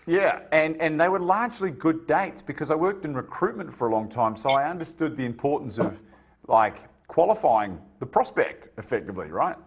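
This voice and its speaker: A man hosting a podcast, telling stories in a lively, vivid way during a casual conversation. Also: fairly high pitch, moderate pace, slightly rough. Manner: animated, vivid storyteller. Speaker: podcast host.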